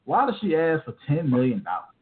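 A fast-talking man in his thirties, co-hosting a podcast with animated, slangy banter. His voice sits a bit high for a man. The sound is thin and tinny, like a phone line. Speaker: podcast co-host. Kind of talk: casual chat.

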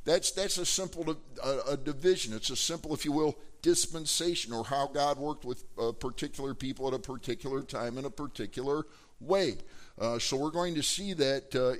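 A pastor delivering a sermon in a relaxed, conversational way. His voice sits at an ordinary pitch for a man. He keeps asking the congregation questions and pads his points with fillers. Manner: conversational preaching with frequent fillers and rhetorical questions.

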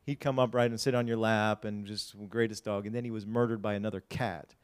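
Preaching man, smooth clear voice. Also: fairly low pitch, steady tone. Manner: swings from hushed asides to loud, drawn-out emphasis; folksy, addresses the congregation directly. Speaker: pastor. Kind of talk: sermon.

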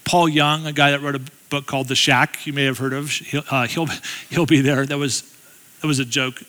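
Middle-aged guy preaching, super bright voice, chatty jokey storytelling, big echoey church. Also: medium pitch, level tone, moderate pace. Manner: chatty and self-deprecating, with humorous asides. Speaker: guest speaker. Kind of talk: storytelling sermon. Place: church sanctuary.

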